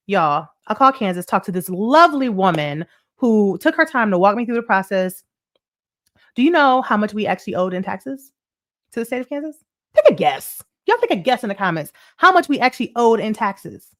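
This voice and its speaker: A woman's voice: a little high, very animated, a little fast, a bit bright. A woman hosting a money show, telling a story in a chatty, repetitive way and reading out viewer comments. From United States. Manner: chatty storyteller, repeats points, asks "right?" often; reads viewer comments aloud. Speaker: show host. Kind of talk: casual livestream money talk.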